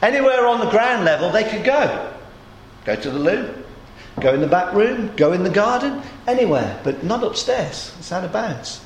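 A man preaching a sermon in a conversational storytelling way, his voice a little groggy and hoarse. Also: sits high, big pitch swings, normal speed, roomy sound, slight background noise.

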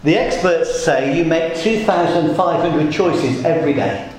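A man preaching a sermon to a congregation, telling jokes and stories in a playful, lively way. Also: a little high. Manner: jokey, lively storytelling. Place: church. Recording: echoey church room.

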